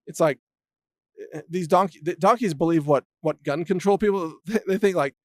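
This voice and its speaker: A man's voice: fairly high pitch, moderate pace. A middle-aged man casually telling rambling animal anecdotes as host, chuckling often and restarting his sentences. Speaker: show host.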